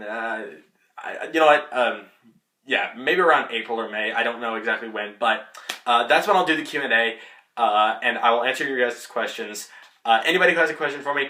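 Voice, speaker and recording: Excitable young man reviewing a movie. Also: mid-range voice. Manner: excitable, rambling, many fillers. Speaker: movie vlogger. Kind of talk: casual movie spoiler review. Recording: echoey room.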